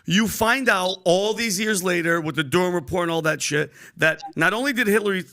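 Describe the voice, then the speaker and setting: A man's voice: high voice, fairly quick, pushed and bright. A man co-hosting a podcast, pushing in with interruptions to pose a hypothetical. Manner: pushy, interrupting. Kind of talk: podcast debate.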